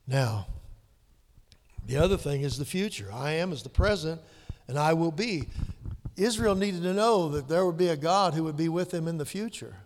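A male pastor preaching a sermon, dropping to hushed whispers and rising to loud, emphatic peaks. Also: on the high side, expressive, moderate pace. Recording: long hall reverb.

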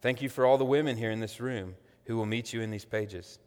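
A man's voice: mid-range voice, fairly quick, clean tone, natural voice. A man reading aloud the lines of a frightened, reluctant young woman prisoner, doubtful and wailing. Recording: long echoey hall reverb.

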